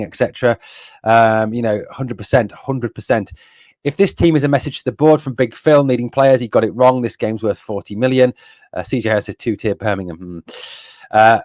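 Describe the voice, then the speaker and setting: A man from northeast England hosts a fan live stream in a mid-pitched voice. He rants bluntly and with exasperation, swearing and circling back over the same points, and reads viewer comments aloud. The sound is dry and close. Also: no echo. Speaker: fan channel host.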